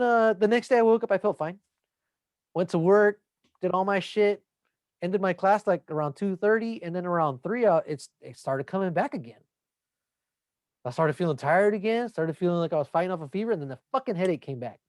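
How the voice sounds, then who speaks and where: A man's voice: high-pitched, animated, fairly quick, darkish tone, no echo, clean studio sound. A young man, a podcast co-host, in casual chat, telling a rambling story full of swearing.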